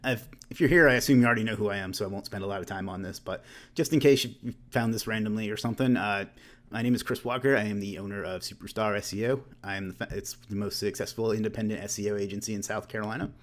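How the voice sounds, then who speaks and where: Fast-talking man hosting a webinar. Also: lowish voice, a bit bright. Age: late 30s. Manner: joking, self-deprecating asides; loose and conversational, with restarts. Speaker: webinar host. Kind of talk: casual webinar presentation.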